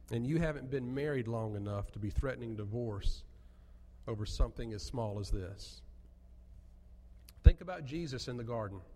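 A man's voice: mid-range voice, a little mellow, big-room sound. A man preaching an earnest sermon as pastor, building to emphatic peaks.

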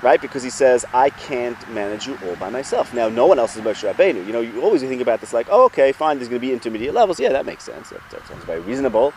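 A man teaching a Torah lesson in a relaxed, conversational way, his mid-range voice rising and falling with lively movement. He thinks aloud, circles back and poses questions to his listeners. Faint traffic noise hums in the background. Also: mid-range voice, quick pace, hardly any pauses.

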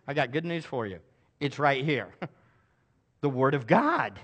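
A man's voice: fairly high pitch, huge pitch swings, moderate pace, fairly bright tone. A male pastor preaching a sermon to a congregation, emphatic and calling for responses. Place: church service with a congregation.

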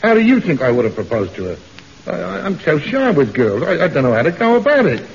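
A man's voice: fairly high pitch, wildly swooping pitch, quick pace, creaky. A middle-aged man in a 1950s British radio comedy, playing a bashful, lovestruck tough. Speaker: comic co-star in a radio sitcom. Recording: dull old radio recording.

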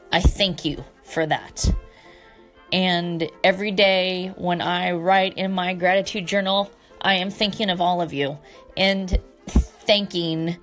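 A woman hosting a solo talk show, speaking earnestly and from the heart to her listeners, with the odd casual swear word. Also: lowish voice. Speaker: podcast host.

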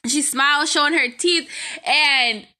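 With an itchy nose from her allergies, a young woman vlogs a casual story in a high, unhurried voice that sounds pushed and bright. She talks chattily to her viewers, calls them y'all and works in prayerful asides.

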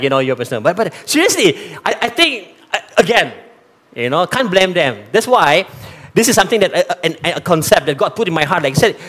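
A man from East Malaysia with a Malaysian accent, preaching a sermon and talking straight to the congregation. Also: high-pitched. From East Malaysia (Sarawak). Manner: animated, talks straight to the congregation, mixes in Malay phrases.

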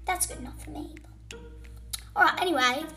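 Pushed and bright, a child's high voice moves at a moderate pace as she hams up a boastful, muddle-headed witch villain. Music plays behind this gleeful fan role-play.

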